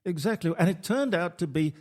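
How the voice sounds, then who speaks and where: A man's voice: high-pitched, lively intonation, fairly quick, a little mellow. A man hosting a radio talk show, telling stories in casual chat and quoting people animatedly.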